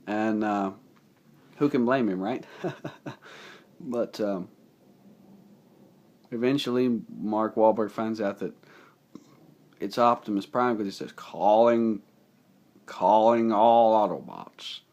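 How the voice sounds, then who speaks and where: Rambling, excitable young man. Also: fairly low pitch, slow pace, long pauses. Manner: enthusiastic, rambling, with many fillers. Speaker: movie reviewer. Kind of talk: casual spoken movie recap.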